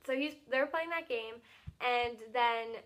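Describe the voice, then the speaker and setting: A teenage girl vlogger excitedly recapping her day, talking fast and filling every pause with "like". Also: on the high side, a little hiss or hum. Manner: gushing, fast, filler-heavy with lots of "like".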